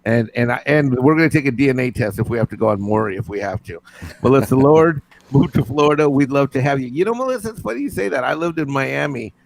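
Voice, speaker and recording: A middle-aged man co-hosting a livestream, reading viewer comments with rambling jokes and quick asides. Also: medium pitch, low-quality recording. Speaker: livestream co-host.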